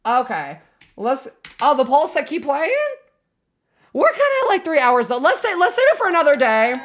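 Woman streamer, high voice, very animated pitch, casual gaming chat, swears a lot, coos to chat. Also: normal speed, slight background noise. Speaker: game streamer.

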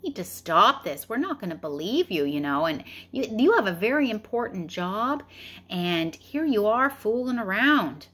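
A woman's voice: mid-range voice, very animated, moderate pace, a bit bright, husky. A woman voicing a fed-up villager who scolds a boy in a storybook reading. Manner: scolding, firm.

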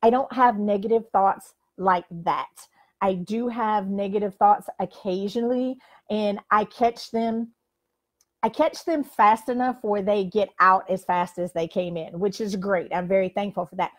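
A woman's voice: mid-range voice, steady tone, measured pace. An older woman who coaches people, giving a frank, emphatic motivational talk to a camera and saying "like" often. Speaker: life coach. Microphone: facing the camera.

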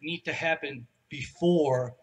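A man asking a question from the audience at a conference, halting and rephrasing as he goes. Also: fairly high pitch, husky. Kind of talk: live Q&A question.

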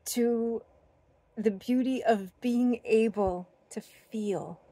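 A woman vlogger sharing a heartfelt spiritual talk, earnest and gentle, with many fillers and restarts. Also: fairly high pitch, drawn-out words, dry recording. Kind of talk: heartfelt personal talk to camera.

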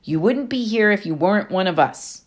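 A woman's voice: medium pitch, animated, moderate pace, pitched above the performer's own voice, natural voice. A woman voicing a knowing, clever teen girl. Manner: knowing and explanatory. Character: clever, self-assured teenage girl.

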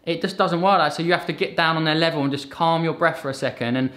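Guy, thirties, a touch high-voiced, earnest and lively as an interview guest. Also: quick pace. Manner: earnest, animated storytelling with acted-out quotes. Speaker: podcast guest, fitness coach. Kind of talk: casual conversation.

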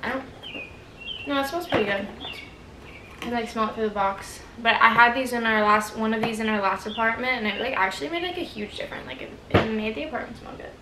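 A woman's voice: a little high, fast. Young woman, twenties, rambling casual vlog talk, echoey room, audible background noise. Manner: rambling, heavy use of "like", candid. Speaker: vlogger. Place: apartment, indoors.

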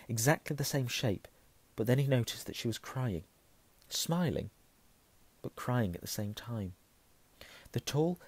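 A hoarse man reading a novel aloud, hushing at tense moments and correcting himself. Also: fairly low pitch, dry recording. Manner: self-correcting, softening to a hush at tense moments. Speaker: reader.

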